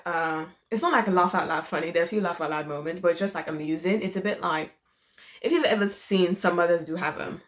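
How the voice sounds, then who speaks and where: A woman vlogging casually at home, chatty and informal as she explains furniture assembly and chats while eating. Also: lowish voice. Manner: chatty, informal, lots of "literally" and "like". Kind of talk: casual how-to vlog chat. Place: home living room.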